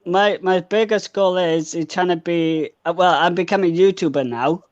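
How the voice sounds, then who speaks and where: A young man in his twenties with a Welsh accent calling into a live show, talking in a hesitant, halting way. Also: high-pitched, no echo. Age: 20s. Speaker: caller. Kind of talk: casual call-in chat. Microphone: home mic over a call. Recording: dull lo-fi call audio.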